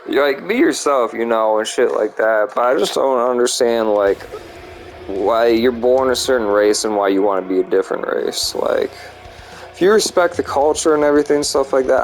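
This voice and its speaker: A man's voice: mid-range voice, poor audio. A man giving casual, profane, rambling commentary while playing a video game, with lots of fillers. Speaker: gamer. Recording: clicking noise in background.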